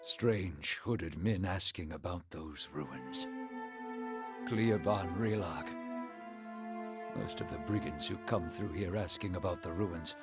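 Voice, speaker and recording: An actor playing a wounded, defiant male priest in a video game, speaking gruffly and urgently. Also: sits low, slow pace. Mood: shaken. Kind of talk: game character voice acting. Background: game music.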